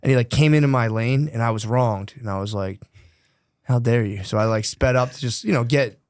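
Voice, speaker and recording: A young man co-hosting a comedy podcast, telling stories in a loose, animated way and laughing often. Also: mid-range voice, quick pace, no room sound, studio quality. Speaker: podcast co-host. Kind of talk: casual comedy chat.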